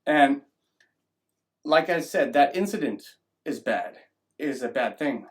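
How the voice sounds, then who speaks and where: Male vlogger, opinion rant, rambling with restarts, mid pitch. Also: animated, slow pace. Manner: rambling, restarts often, acts out mocking voices. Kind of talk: opinion monologue.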